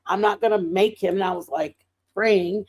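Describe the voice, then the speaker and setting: A woman hosting a livestream, telling faith stories in a casual, animated way and breaking into excited outbursts. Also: medium pitch, normal speed, slightly rough. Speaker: livestream host.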